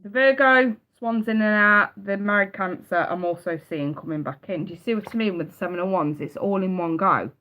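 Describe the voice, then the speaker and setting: A tarot reader does a live reading, blunt and emphatic, swearing freely and repeating her points. She speaks a little fast with few pauses in a medium-pitched voice, and the recording sounds dull and lo-fi.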